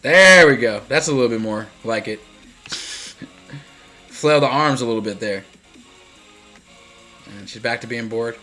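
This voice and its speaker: A man's voice: mid-range voice, a little slow, pauses often, sharp tone, soft background music. A man casually commenting on a life-sim game while streaming, chatty and rambling, laughing often and answering viewers.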